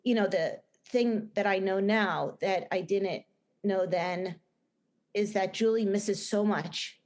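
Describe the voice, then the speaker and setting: A middle-aged woman with a New Jersey accent, speaking earnestly in a podcast interview. She talks in a loose, rambling way, full of restarts and fillers, at a middle pitch. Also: slow, darkish tone. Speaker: guest, film director and writer.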